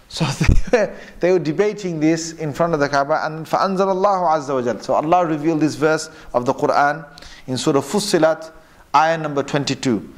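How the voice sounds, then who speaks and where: Man teaching, switching between Arabic and English. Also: on the high side. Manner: quotes Arabic passages, then explains them in English; pauses often, with fillers and self-corrections. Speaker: Islamic teacher. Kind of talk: lecture on religious texts.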